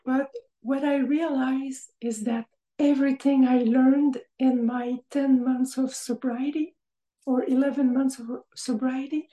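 Lady in her 50s, slow gentle talk, drifts into half whispers, roomy echo. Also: a little high. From French Canada. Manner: reflective, trailing into breathy half-whispers. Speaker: podcast guest. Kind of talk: personal recovery story. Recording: echoey room.

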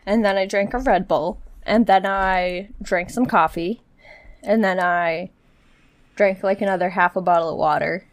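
A young woman co-hosting a podcast rambles through stories in easy, chatty talk. Her voice sits in a middle pitch. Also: fairly even intonation, unhurried. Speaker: podcast co-host. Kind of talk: casual chat.

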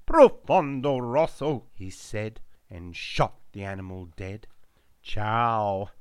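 Deadpan man reading slowly. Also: low-pitched, dry recording. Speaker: narrator. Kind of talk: scripted narration.

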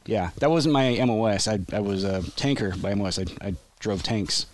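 A man's voice: fairly low pitch, brisk. A man telling a long army story on a podcast, with casual restarts and frequent laughs. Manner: rambling, self-interrupting storyteller who laughs often. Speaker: podcast guest, army veteran.

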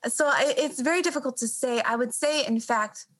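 Woman, doctor, thirties, fairly high voice, earnest, halting, repeats words, reflective interview. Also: fairly bright tone, rough recording.

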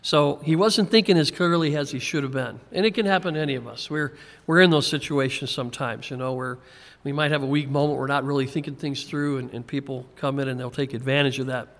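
Chuckling preacher in a reverberant hall. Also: male voice, medium pitch, fairly even intonation, quick pace, fairly bright tone. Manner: conversational, chuckles often, repeats words when restarting. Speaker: pastor. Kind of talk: verse-by-verse Bible teaching.

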